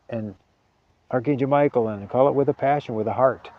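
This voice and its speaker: Earnest man giving a halting spiritual talk. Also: mid-range voice, no echo, phone-quality sound. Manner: earnest, halting, repeats words. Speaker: spiritual teacher.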